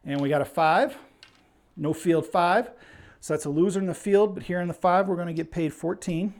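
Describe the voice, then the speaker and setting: At a moderate pace, a man with a high, slightly mellow voice runs a casual live stream, narrating the game as he plays. He's chatty and a touch breathless, calling out viewer names.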